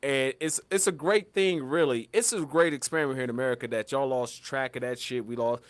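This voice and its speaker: A man's voice: mid-range voice, brisk, smooth, no echo. A man co-hosting a podcast, ranting in casual banter with lots of profanity. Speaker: podcast co-host.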